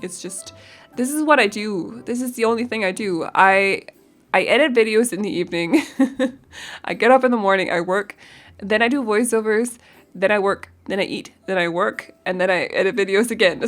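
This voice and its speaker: A young woman rambles along in a relaxed voice-over, giggling and often stopping to hunt for the right word. Her voice sits at an ordinary middle pitch, with soft music playing faintly behind her. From Denmark. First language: Danish. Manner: rambling and giggly, searching for words. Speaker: game builder. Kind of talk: casual voice-over chat.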